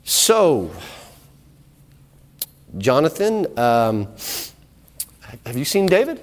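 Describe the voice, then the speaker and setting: A man's voice: fairly high pitch, big pitch swings, very slow, full character voice. A man voicing a jealous, volatile aging king who swings from coaxing to screaming rage, in an echoey hall.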